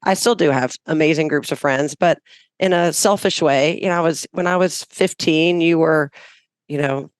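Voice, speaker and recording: A woman's voice: low voice, normal speed, no room sound. A woman in her fifties from Alabama, chatting casually as a podcast guest, rambling and cutting herself off. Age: 50s. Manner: rambling, self-interrupting, lively. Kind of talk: casual chat.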